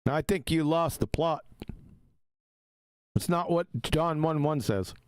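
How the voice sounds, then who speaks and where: A man's voice: on the high side, slow pace, smooth, no room sound. A man hosting a live stream, reacting to a debate clip in a mocking, combative and profane way.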